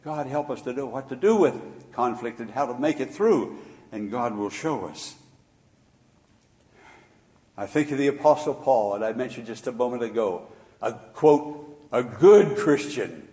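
A man's voice: mid-range voice, expressive, normal speed, long pauses. Older male preacher in an echoing hall. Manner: swings from hushed storytelling to loud emphatic preaching. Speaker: pastor. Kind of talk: sermon.

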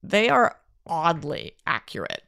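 A woman's voice: low voice, a little slow, vocal fry, dry recording, clean studio sound. A woman co-hosting a podcast, telling anecdotes in casual chat and acting out the quotes. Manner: animated storyteller, acts out quotes. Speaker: podcast co-host.

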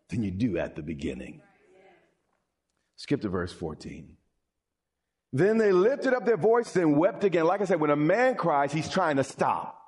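A man preaching a sermon, playful and animated, acting out quotes and joking with the congregation. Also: on the high side.

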